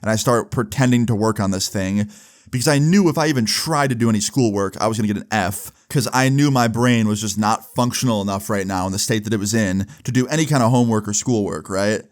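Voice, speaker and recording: A young man telling a personal story in a casual vlog, animated, with lots of fillers. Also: on the low side, fast talker. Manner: animated, swearing, fillers like "like" and "right". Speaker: vlogger.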